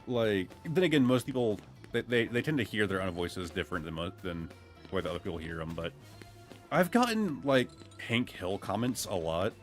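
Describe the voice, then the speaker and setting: With faint music in the background, a man from Ohio, USA, talks casually through a game stream at a normal speed. His voice leaps up and down and breaks into excited outbursts whenever a play goes his way.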